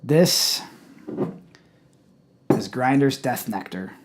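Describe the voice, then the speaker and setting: A man casually reviewing a hot sauce on his channel, blunt and profane, with loud exclamations. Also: mid-range voice, lively intonation, drawn-out words, noisy background.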